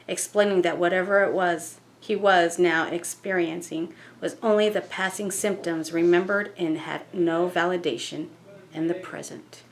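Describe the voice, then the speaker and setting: A woman vlogger reading a ghost story aloud in an unhurried, measured way. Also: fairly low pitch, a little hiss or hum.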